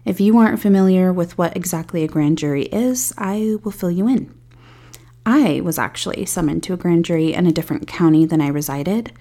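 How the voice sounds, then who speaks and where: A woman with a fairly low, warm and mellow voice reads a scripted true-crime narration as a podcast host. She keeps a measured pace and drops in candid personal asides along the way. Her delivery stays even and steady throughout.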